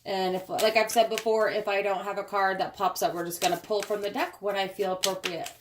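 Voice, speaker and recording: A woman reads tarot cards aloud in a relaxed, chatty way, talking her thoughts through as she shuffles and lays out the cards. Her voice sits at a medium pitch. A phone camera propped nearby picks her up over a faint hiss. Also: brisk. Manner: chatty, thinking aloud while handling cards. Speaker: tarot card reader. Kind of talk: casual spoken tarot reading.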